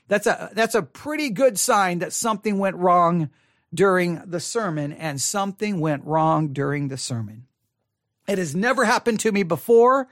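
A pastor with a high-sitting voice talks earnestly to the camera in a studio, with no echo on the recording. It's a reflective monologue in which he thinks aloud and restarts often.

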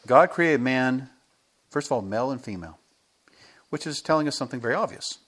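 A man's voice: medium pitch, brisk, husky. American man preaching a story-filled sermon. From United States. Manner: lively storytelling, chuckles between points. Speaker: pastor. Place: church.

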